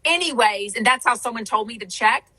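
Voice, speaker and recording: High, bright-voiced chatty woman host. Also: brisk, husky, rough recording. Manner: chatty, rambling, many fillers. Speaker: podcast host. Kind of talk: casual chat.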